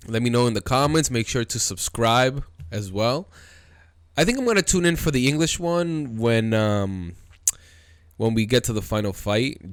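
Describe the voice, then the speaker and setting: A man hosting a casual anime commentary video, talking excitedly and loosely, calling viewers dude and bro. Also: fairly low pitch, dry recording. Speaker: video host.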